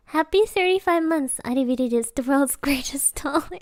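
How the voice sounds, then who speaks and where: A woman's voice: high-pitched, normal speed, no echo, studio quality. A woman streamer chatting casually from home, giggly and rambling in a playful way. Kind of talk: casual live-stream chat.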